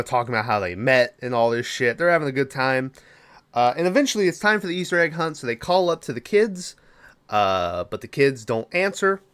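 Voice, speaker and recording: A young man hosting a podcast, retelling a horror film's plot in a loose, profane way with quick quoted asides. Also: medium pitch, a bit bright, smooth. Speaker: podcast host. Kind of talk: casual movie recap.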